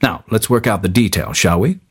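A friendly scholar with an American accent, brisk and businesslike, as a male reader puts him on. The voice is husky and lively in pitch, in this storybook telling.

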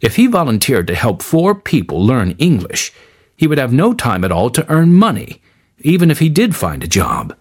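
A man reading a story aloud in a scripted, expressive style. His voice is husky, and his pitch rises and falls in a lively way as he carries the narration along. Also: normal speed.

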